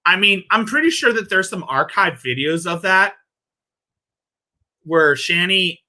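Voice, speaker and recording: A man's voice: sits high, lively intonation, a little slow, pushed and bright. A man hosting casual reaction commentary, rambling and crude, often laughing at his own jokes. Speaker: commentary channel host.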